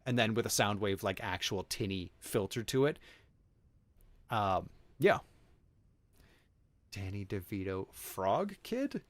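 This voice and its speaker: Here the livestream host's voice sits on the low side, animated yet slow, with long pauses between remarks. He chats loosely and reacts to his chat as he plays, in a dry recording.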